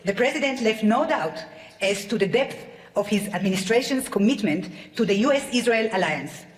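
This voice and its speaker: A woman giving a measured, ceremonial speech to an audience in a large event hall. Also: on the high side, animated. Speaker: event speaker. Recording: echoey hall, faint noise.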